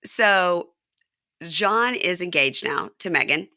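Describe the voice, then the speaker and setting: A woman hosting a podcast, chatting casually and recapping a reality show, acting out quotes in high silly voices. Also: animated, slow pace, pushed and bright, dry recording, studio quality. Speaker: podcast host.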